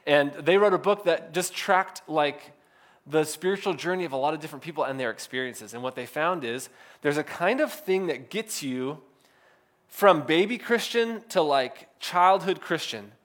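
A man in his thirties preaching a sermon as a pastor, in a relaxed, conversational way that is full of "like" fillers. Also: a little high, moderate pace. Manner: casual, filler-heavy with frequent "like".

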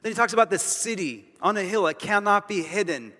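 A pastor preaches a sermon in a high, bright, forceful voice with lively intonation and a brisk pace, the sound carrying the long reverb of a large hall. He's emphatic, repeats phrases for stress and tosses casual asides to the congregation.

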